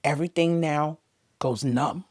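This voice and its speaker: Woman, interview guest, emotional personal testimony, low voice, dry close sound. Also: measured pace, no echo. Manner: emotional storytelling, swinging between loud and hushed.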